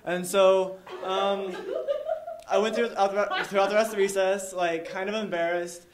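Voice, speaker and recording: A man's voice: high-pitched, steady tone, normal speed, heavy background noise. A young man telling a live story to an audience, rambling with lots of "like" and chuckling along the way. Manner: rambling, heavy use of "like", chuckles while telling.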